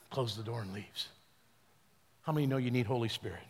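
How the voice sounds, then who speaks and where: Pastor preaching in a reverberant hall. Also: male voice, medium pitch, expressive, fast. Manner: retells a story with quoted voices, then leads the congregation in loud declarations. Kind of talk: sermon. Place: large church hall.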